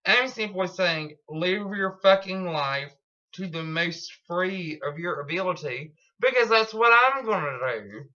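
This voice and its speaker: Woman ranting at home, bright voice, swears a lot, kinda muffled lo-fi sound. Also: lowish voice, animated, a little slow. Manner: profane, blunt, rambling storytelling. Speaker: vlogger. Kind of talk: casual storytelling vlog.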